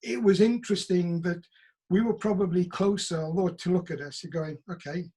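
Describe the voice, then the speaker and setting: A middle-aged Welsh man speaking over a video call, his voice fairly high for a man and noticeably husky. He tells his stories with animation and slips into other people's voices when he quotes them. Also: a little fast, dark tone. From Wales. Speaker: actor.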